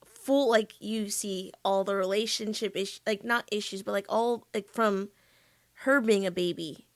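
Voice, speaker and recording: A woman's voice: medium pitch, fairly even intonation, measured pace, no room sound. A woman hosting a casual podcast interview, giving affirming responses. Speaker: podcast host.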